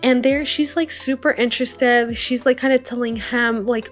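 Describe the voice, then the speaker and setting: A young woman with a slightly high voice tells a travel story in a loose, chatty way, full of fillers and quick asides. Soft lo-fi music plays quietly under her voice. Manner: chatty, animated retelling with lots of fillers. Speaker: travel vlogger. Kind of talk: casual storytime.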